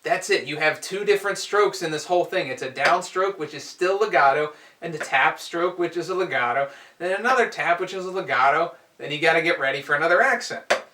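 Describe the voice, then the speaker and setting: A man teaching a drum lesson, explaining strokes in a relaxed way and counting aloud as he demonstrates. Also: fairly high pitch, fairly quick, slight background noise. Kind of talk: instructional explanation. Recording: echoey room, heard from a distance.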